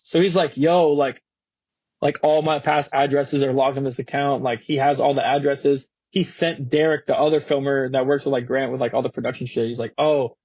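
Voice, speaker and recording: A man's voice: mid-range voice, slightly rough, no echo, lo-fi sound. A young man from Florida, an interview guest telling a story casually, full of slang and fillers. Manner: slangy, animated, swearing, many fillers.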